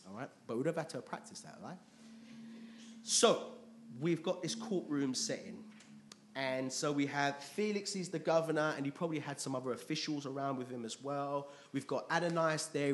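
A man preaching to his congregation in a relaxed, chatty way, his voice sitting at an ordinary middle pitch. He keeps turning to the room with little questions as he reads scripture and explains it. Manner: chatty, checks in with congregation often. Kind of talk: conversational sermon with Bible reading. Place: church.

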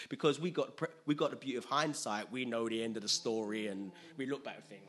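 A man preaching a sermon in an animated way, acting out scenes with sudden loud outbursts. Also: medium pitch, quick pace, few pauses.

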